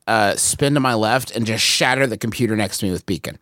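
A man's voice: medium pitch, a little fast, hardly any pauses, fairly bright tone, no room sound, clean studio sound. A man playing a tabletop game, joking and swearing as he talks his character through a fight. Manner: brash, profane, joking in character. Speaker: player. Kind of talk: casual tabletop game play.

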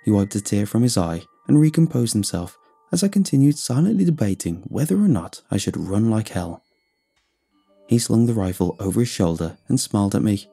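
A man narrating a scripted first-person story in an expressive storytelling way. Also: fairly low pitch, a little fast, creaky, breathy edge, faint music behind.

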